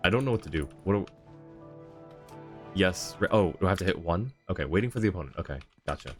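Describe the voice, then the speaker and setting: A man with a lowish voice talks casually on a live stream as he plays. He gushes thanks at viewers and laughs easily. Faint game music runs underneath. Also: lively intonation, fast talker. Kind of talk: casual live-stream chat while gaming.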